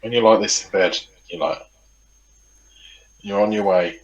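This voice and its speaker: A man with a low, deep voice co-hosts a casual podcast chat. He rambles, circles back over his own words and swears freely. He talks into a studio podcast mic. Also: fairly even intonation, a little slow, muffled recording, a loud crowd. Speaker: podcast co-host.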